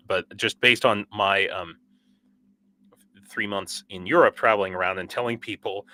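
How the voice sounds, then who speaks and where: A young man with a bright, forward voice chats through a livestream, worn out from a sleepless night and wired on coffee. His talk rambles and halts, full of restarts and fillers, and he breaks into short laughs between viewer comments. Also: on the low side. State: sleep-deprived and over-caffeinated. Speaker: livestream host. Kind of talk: casual livestream chat reading viewer comments.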